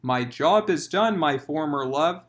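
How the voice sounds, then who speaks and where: Man playing a gloating jilted young suitor in a comic audiobook, highish voice. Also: lively intonation, unhurried. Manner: bitter, gloating.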